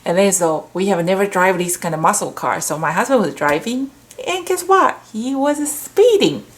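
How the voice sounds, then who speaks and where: A woman's voice: medium pitch, animated, normal speed. A middle-aged woman hosting a stamp shop video, chatting casually and gushing over handmade cards while telling rambling stories. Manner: rambling storyteller. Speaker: stamp shop host sharing card swap entries.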